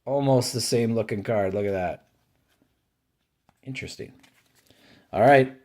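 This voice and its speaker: A man hosts a card-opening video, calling out each card in an offhand, unhurried way. His voice sits at a middling pitch and his pace is slow and drawn out. He mixes mild complaints with bursts of delight. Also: a little mellow. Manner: offhand, names each card as it turns up, grumbles and cheers by turns. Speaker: card collecting channel host. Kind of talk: casual running commentary while opening card packs.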